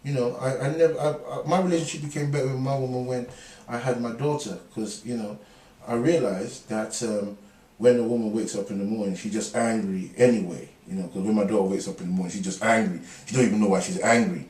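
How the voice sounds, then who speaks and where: A man's voice: on the low side, steady tone, quick pace, a little mellow. A middle-aged man, a guest in a casual interview, telling jokes and rambling stories with frequent laughter. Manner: laughing, joking, rambling storyteller. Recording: echoey room, mic far off, faint ambience.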